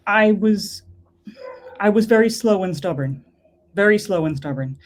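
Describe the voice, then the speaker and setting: A guest speaker, an earnest Irish woman, tells her personal faith story in a voice that sits low for a woman and is a little mellow. She relies on repetition to drive her points home.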